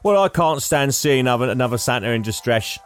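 A man's voice: medium pitch, lively intonation, fast, smooth, faint music behind, natural voice. A man voicing a cheerful, generous Santa who sounds breezy and chummy.

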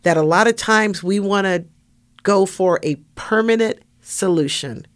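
A woman's voice: medium pitch, unhurried. A woman, an army veteran and chaplain, speaking earnestly as a podcast guest, emphatic and repeating phrases for emphasis. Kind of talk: earnest interview conversation.

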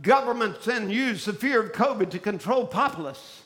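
A man preaching a fiery sermon, shouting out lines and then dropping to a hushed low voice. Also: lively intonation, moderate pace.

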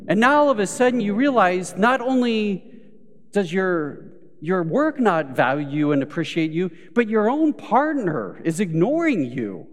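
A man preaches in a church at an unhurried, deliberate pace, and his voice carries a long hall reverb. He tells everyday stories, acting out the lines of the people in them, and swings from quiet, low phrases up to loud, emphatic peaks. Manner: storytelling with acted quotes, rising to emphatic peaks. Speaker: pastor. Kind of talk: sermon. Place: church sanctuary.

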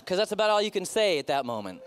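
A middle-aged man delivers a sermon in a loose, conversational way, tossing in self-mocking asides. His voice sits high and moves a lot, rising and falling with each point. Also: sing-song, fast, a little hiss or hum. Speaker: pastor.

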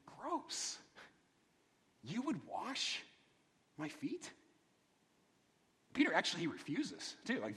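A man preaching a sermon in a conversational, animated way, often repeating words and asking the congregation questions. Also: on the high side, husky. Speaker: pastor. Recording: long hall reverb.

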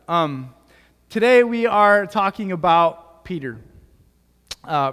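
High-voiced man preaching in an echoing hall. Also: fairly bright tone. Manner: casual storytelling with many fillers. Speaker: pastor. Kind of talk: sermon. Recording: long hall reverb.

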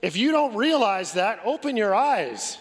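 A pastor preaching a forceful sermon with a high, ringing voice. He presses rhetorical question after question and often repeats words as he builds momentum. A long reverb trails every line. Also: very animated, unhurried, slightly rough.

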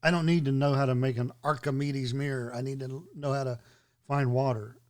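A man's voice: medium pitch, steady tone, brisk. A man in casual podcast chat, telling stories with a wry, sarcastic edge.

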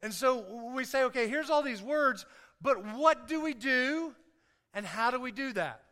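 High, bright-voiced male preacher. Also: measured pace. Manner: lively, joking, calls for audience response. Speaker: pastor. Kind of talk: sermon. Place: church hall. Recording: echoey hall.

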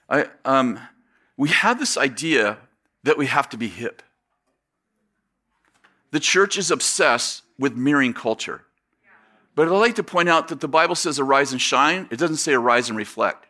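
A man preaching a sermon, telling a lively story and acting out the voices of the people in it, with many fillers and restarts. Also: medium pitch, normal speed, long pauses. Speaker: pastor.

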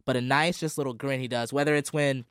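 Smooth-voiced man in casual sports chat. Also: medium pitch, steady tone, quick pace, fairly bright tone, no echo, studio quality. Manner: earnest, reflective storytelling.

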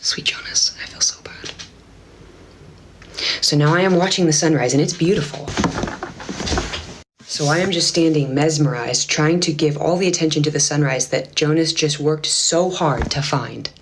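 A woman's voice: sits low, moderate pace. Woman telling a story in a clip, acts out the lines, bit of hiss. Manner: animated, acts out dialogue. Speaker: content creator telling a story.

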